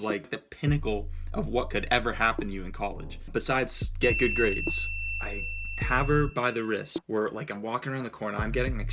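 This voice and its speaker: A young man from Cape Cod telling a casual story-time tale, animated and full of "like", acting out what people said. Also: mid-range voice. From Cape Cod, Massachusetts. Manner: animated, quotes people in his story, heavy use of "like". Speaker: storyteller vlogger.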